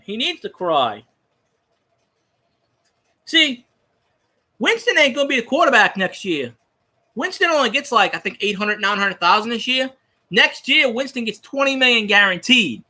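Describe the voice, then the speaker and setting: A man's voice: very high-pitched, sharp tone. A man giving a profane, rambling football fan rant in casual chat.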